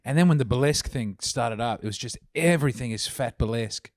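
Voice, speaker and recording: A man telling animated stories with dry jokes in casual podcast chat. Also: medium pitch, quick pace, dry recording. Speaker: guest comedian.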